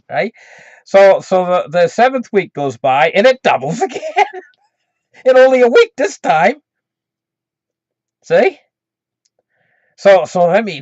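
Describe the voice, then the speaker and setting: A man's voice: high voice, no echo. A man casually telling a folksy, rambling cautionary story for his channel, chuckling often, in a dull lo-fi recording. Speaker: channel host.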